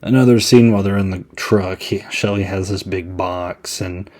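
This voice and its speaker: A man's voice: deep voice, fairly even intonation, normal speed, darkish tone. A man hosting a podcast, giving a casual, chatty movie review with many "I mean"s. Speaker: podcast host.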